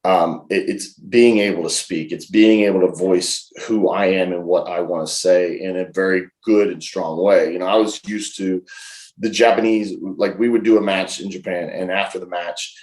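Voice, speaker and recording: A man in his forties, an interview guest, telling lively anecdotes in a casual way and acting out the quotes. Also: low-pitched, moderate pace. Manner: lively anecdotal storyteller, laughs and acts out quotes. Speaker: professional wrestler, interview guest. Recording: roomy echo.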